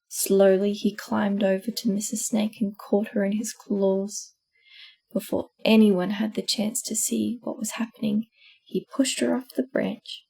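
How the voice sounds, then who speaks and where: A woman with an Australian accent reading a children's storybook aloud, slow and gentle. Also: mid-range voice, vocal fry, husky. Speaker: audiobook reader. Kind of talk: storybook narration.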